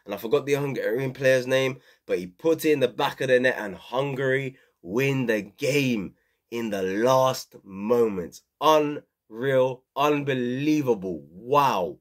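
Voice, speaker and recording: A man's voice: medium pitch, unhurried. Young male vlogger, casual football chat, opinionated and rambling, plenty of ums. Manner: rambling, opinionated, many fillers. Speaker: football channel host. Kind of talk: casual football review vlog.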